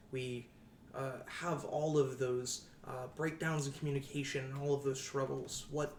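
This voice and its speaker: Man playing a young male hero, halting, sincere, mid voice, slightly far off. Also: mid-range voice, a little hiss or hum, natural voice. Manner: halting, many fillers, sincere. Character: hesitant young man hero, team spokesman. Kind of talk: tabletop role-play in character. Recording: echoey room, mic at a distance.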